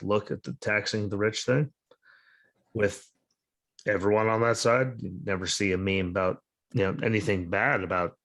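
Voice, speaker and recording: A man's voice: sits low, a bit bright. A sleep-deprived man hosting a podcast over a video call, talking in a blunt, sarcastic, profane and rambling way. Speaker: podcast host. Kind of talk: casual political chat.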